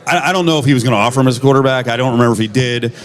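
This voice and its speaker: A man's voice: mid-range voice, racing. A man hosting a sports talk radio show, asking rambling, chatty questions full of fillers.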